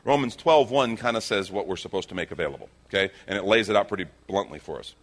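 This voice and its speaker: A male pastor preaching a sermon, telling the story with animated energy and acting out the characters' lines. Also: lowish voice, fast talker. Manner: animated storytelling, acts out quotes.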